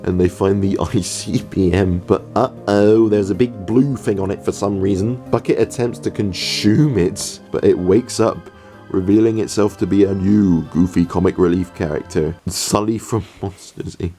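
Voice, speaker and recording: A man from the UK narrates a sarcastic review in a low, mellow voice. He sounds dry and exasperated as he picks apart each scene, with faint music under him. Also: moderate pace. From United Kingdom. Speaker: host.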